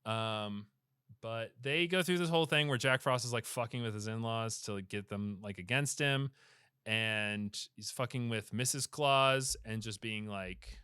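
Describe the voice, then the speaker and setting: A young man recapping a film plot on a casual podcast, animated and irreverent, jumping into brief impressions of the characters. His voice is bright and forward. The sound is dry and close to the mic. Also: medium pitch, smooth, no echo. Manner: animated storytelling, swearing, acting out characters in quick impressions. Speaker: podcast co-host. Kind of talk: casual comedic movie recap.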